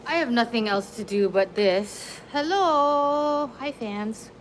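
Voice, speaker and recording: Woman vlogger, slow unhurried chat, high-ish voice, coos at her dogs, faint noise in the background. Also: low-quality recording. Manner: cooing baby talk to her dogs. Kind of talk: casual livestream chat. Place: home with dogs.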